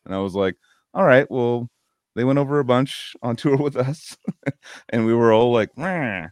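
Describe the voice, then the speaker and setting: A man's voice: mid-range voice, normal speed, no echo. A drunk man telling a rambling, profane story in a casual chat, with lots of filler words.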